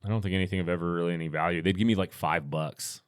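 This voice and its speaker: Deep-voiced American man telling a story. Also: racing, clear, resonant tone, dry recording, clean studio sound. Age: middle-aged. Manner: relaxed, rambling anecdotal delivery with restarts. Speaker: podcast guest, firearms instructor. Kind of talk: casual storytelling in interview.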